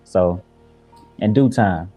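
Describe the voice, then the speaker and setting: A man's voice: sits low, takes it slowly, mellow, husky, faint music behind. A man from Chicago, a guest rapper, answering interview questions in an earnest, reflective way with many fillers. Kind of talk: casual interview talk.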